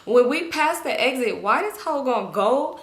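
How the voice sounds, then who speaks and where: Brief: young woman storyteller, high voice, exasperated and profane, roomy echo. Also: animated, moderate pace. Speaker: YouTuber storyteller. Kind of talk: casual storytime.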